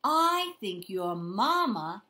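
Older lady doing story time for toddlers, sing-songy and slow, bright voice. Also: mid-range voice. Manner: animated, sing-song, talks directly to small children. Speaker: children's librarian.

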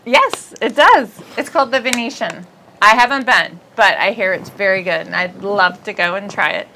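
Bright-voiced giggly woman host. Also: medium pitch, brisk, slight background noise, low-quality recording. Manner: rambling, giggly, self-deprecating. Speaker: podcast host. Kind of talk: casual comedic chat.

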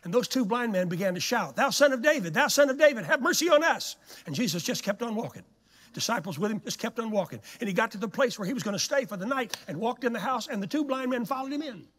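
A male guest preacher delivering a sermon in a church, telling stories in an animated, dramatic way. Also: high voice, fast talker. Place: church sanctuary. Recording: long hall reverb in church.

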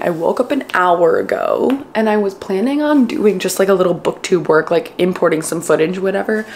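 A young woman in her late twenties talks to her viewers in a loose, chatty way, her pitch bouncing up and down as she goes. She fills her sentences with "like" and "you know". A faint hiss of room sound sits behind her at home. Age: late 20s. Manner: chatty and expressive, with frequent "like" fillers. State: tearful and emotional at times. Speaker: book vlogger. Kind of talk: casual vlog chat to camera.

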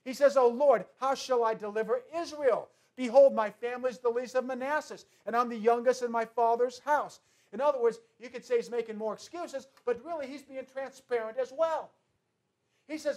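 A male pastor delivering a sermon, repeating key phrases emphatically and moving between soft asides and loud declarations. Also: extremely high pitch, moderate pace.

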